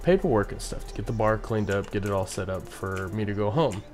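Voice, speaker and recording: Laid-back man with a low voice. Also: expressive, fairly quick, a little mellow, soft background music. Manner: rambling, many "you know what I mean" asides. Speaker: bartender telling a story. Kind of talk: casual storytelling vlog.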